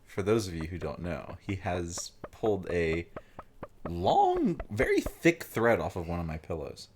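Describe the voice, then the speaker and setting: A young man from Virginia hosts a let's play in casual, rambling chat. He fills his talk with "like" and "um" and keeps circling back to his point. His voice is very low. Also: huge pitch swings, unhurried, a little mellow, slight background noise. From Virginia, USA. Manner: rambling, full of "like" and "um". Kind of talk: casual chat while playing a game.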